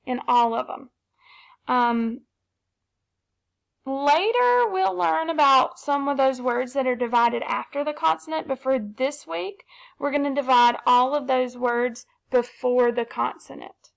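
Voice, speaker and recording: High-pitched teacher lady sounding out words for little kids, slow and patient, bit of vocal fry. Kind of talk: phonics lesson for young children.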